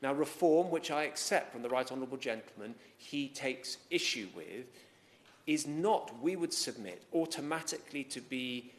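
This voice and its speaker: A man, speaking as a government minister in a formal parliamentary speech, measured and courteous with occasional restarts. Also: mid-range voice, expressive. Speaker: government minister answering a debate.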